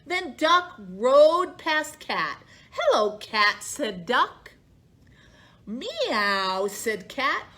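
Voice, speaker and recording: A woman's voice: sits high, big pitch swings, drawn-out words, sharp tone. A woman librarian reading a picture book aloud to children, in a sing-song storytime voice that acts out the animals.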